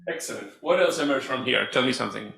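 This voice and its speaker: A man facilitating a live conference workshop, giving playful, animated instructions to the room. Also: mid-range voice, fast talker, creaky, a crowd in the background. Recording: echoey room.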